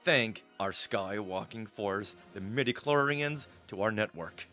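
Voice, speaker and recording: A man's voice: lowish voice, a little slow, bright, forceful tone, soft background music. A man co-hosting a podcast, playful and teasing in casual chat. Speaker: podcast co-host.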